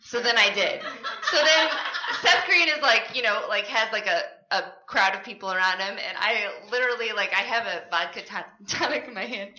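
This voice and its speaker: A woman's voice: mid-range voice, normal speed, pushed and bright, a little hiss or hum. A young woman telling a rambling story in casual chat, often giggling as she talks. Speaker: guest. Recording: roomy room echo.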